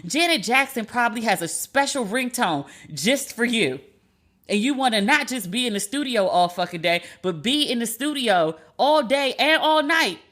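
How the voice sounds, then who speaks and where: A woman's voice: a little high, lively intonation, normal speed, fairly bright tone. A woman hosting a podcast, ranting in a sassy, emphatic, profane way and repeating lines for punch. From United States. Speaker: podcast host. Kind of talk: casual commentary rant.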